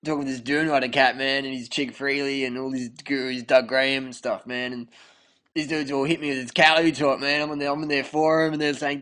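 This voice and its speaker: Young male comic, easygoing slangy rambler, sharp bright voice, mid pitch. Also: steady tone, fairly quick. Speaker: comic persona of a raw-food devotee. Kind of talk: rambling comedic monologue.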